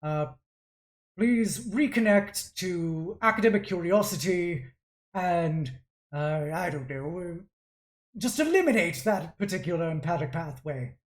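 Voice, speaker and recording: A woman's voice: fairly low pitch, expressive, unhurried. A woman voicing a cold, scheming male artificer lord who talks down to his daughter. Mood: irritated. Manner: dismissive, condescending.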